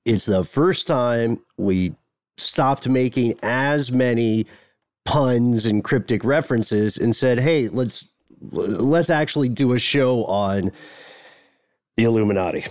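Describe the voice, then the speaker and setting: Male podcast host, mid-pitched, loose and self-correcting, dry booth sound. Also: takes it slowly, darkish tone, no echo. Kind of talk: casual podcast chat.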